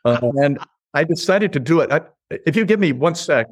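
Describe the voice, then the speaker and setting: An artist and gallery owner from Chicago chats casually over a video call from his gallery, telling stories in a laid-back way with easy chuckles. His voice is on the high side and animated, at a normal speed, and the recording is dry.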